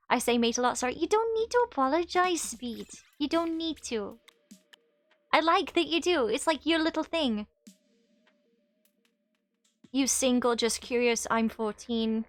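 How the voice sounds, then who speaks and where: A woman's voice: high-pitched, a bit bright, no echo. A woman in her twenties chatting casually on a live stream while she plays, reading chat aloud and laughing often. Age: 20s.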